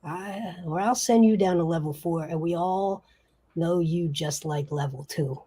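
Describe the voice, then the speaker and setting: A woman playing a prickly gangster boss in a fantasy tabletop game who needles and threatens. The voice is pitched above her own, slow and dark-toned, with a husky grain. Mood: menacing. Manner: menacing, needling questions. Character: touchy, bullying male gangster boss.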